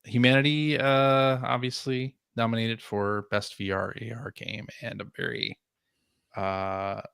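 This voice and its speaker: A man's voice: mid-range voice, little pitch movement, a little slow, gravelly, fairly bright tone, clear, resonant tone, no echo, clean studio sound. A man co-hosting a podcast in casual chat, upbeat and laughing often. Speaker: podcast co-host.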